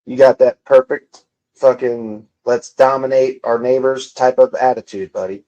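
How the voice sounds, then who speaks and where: Mellow and mid-range, this young man's voice has fairly even intonation and a slightly slow pace, with the highs cut off. Streaming live from a room at home, he reads comments and bantering with viewers turns profane and mocking.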